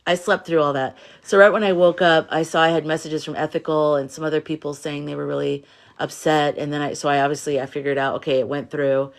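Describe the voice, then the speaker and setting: Tired female livestream host, soft, reassuring, rambling chat with viewers. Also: low-pitched, flat delivery, fast. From United States. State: tired from little sleep. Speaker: livestream host, spiritual reader. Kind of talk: casual livestream chat, reading comments.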